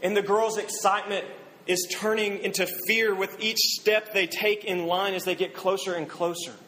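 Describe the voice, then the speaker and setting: A man preaching a sermon, telling a story and quoting its people in a softer voice. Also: sits high, steady tone, moderate pace, slight background noise, poor audio. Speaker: pastor.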